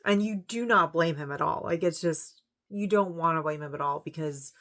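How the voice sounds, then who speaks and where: A woman talks casually through her review of a TV series, her voice sitting somewhat low. She is close to tears and sighs often, and her words come haltingly with frequent restarts. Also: fairly bright tone. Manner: emotional, halting, many restarts and fillers. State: near tears, sighing.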